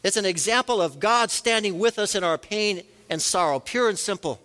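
A man's voice: high-pitched, expressive, normal speed, bright, forceful tone. A man preaching a sermon as a pastor, earnest, rising and falling for emphasis. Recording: long reverb of a large hall.

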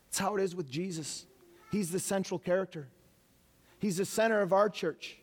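A man's voice: high-pitched, normal speed. A man preaching an Easter sermon as pastor, earnest, with rhetorical questions and light asides.

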